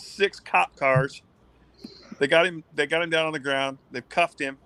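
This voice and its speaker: A man in his thirties spins a rambling, profane story in a slightly high voice. He bounces through it, acting out the other people's lines as he goes. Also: measured pace, clean tone, no echo, poor audio. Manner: animated, swearing, acts out quotes. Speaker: guest, former pitcher. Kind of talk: casual storytelling.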